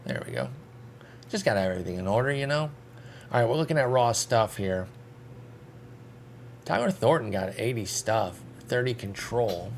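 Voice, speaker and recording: A man's voice: medium pitch, animated, normal speed, pauses often, slight background noise. A man casually commenting on a baseball management game, thinking aloud in a chatty, self-deprecating way. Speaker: video game streamer.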